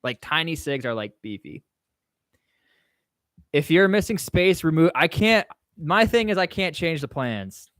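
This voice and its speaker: A man's voice: fairly high pitch, very animated, unhurried, long pauses, fairly bright tone, smooth, no room sound, clean studio sound. A man hosting a casual livestream Q&A, reading chat questions aloud and answering in a rambling, offhand way. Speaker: livestream host.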